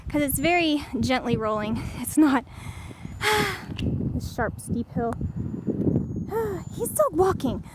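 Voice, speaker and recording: A woman's voice: high voice, slow pace, pauses often. Breathless giggly woman vlogging outdoors. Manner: giggly and excited, laughs often. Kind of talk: casual vlog narration while walking. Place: outdoors on a windy hill. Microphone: handheld camera. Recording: loud wind noise on camera mic.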